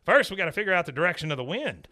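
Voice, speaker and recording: A man's voice: high voice, sing-song, racing, sharp tone, pitched above the performer's own voice, heavily acted. A man voicing a bossy, bullheaded old military father who barks orders in a raised voice.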